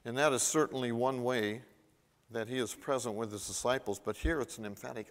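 A man preaching a sermon as pastor, animated and emphatic, his intensity rising and falling, with frequent restarts and repetitions. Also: medium pitch, brisk. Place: church. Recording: long reverb of a church hall.

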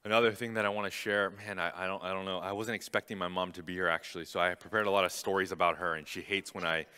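A young man delivers a sermon in a bright, forceful voice. He is earnest and emphatic and hammers home his points by repeating them. His voice rings with the long reverb of a large hall. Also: deep voice, level tone, quick pace, smooth. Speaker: preacher.

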